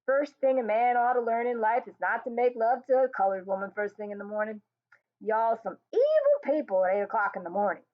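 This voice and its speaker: A woman's voice: a little high, sing-song, fairly quick. A woman voicing a restless young husband who teases and needles his wife. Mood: wry. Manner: wry, needling. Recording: tinny phone-like sound.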